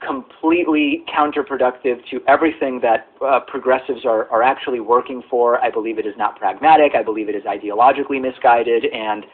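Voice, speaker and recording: Measured man, tinny audio. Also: mid-range voice, steady tone. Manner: careful, hedging, deliberate. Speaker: political show host. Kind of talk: measured political commentary. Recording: phone-like narrow audio clip.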